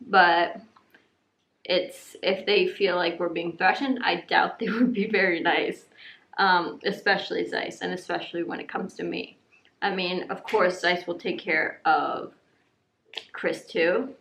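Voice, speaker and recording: A woman's voice: fairly bright tone, echoey room. A woman chatting casually in a vlog, rambling with lots of fillers. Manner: high baby-talk when cooing to her dogs. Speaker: vlogger.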